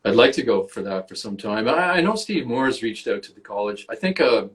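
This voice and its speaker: A man's voice: lowish voice, sing-song, brisk. A man with a Canadian accent, an actor and guest on an interview podcast, tells casual stories and swears freely. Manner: swears freely, storytelling with acted quotes.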